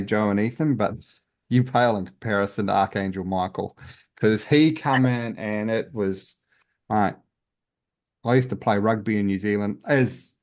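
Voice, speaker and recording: A man's voice: on the low side, a little mellow. A man, a guest healer, telling his story in a casual interview in an earnest, open way with many restarts.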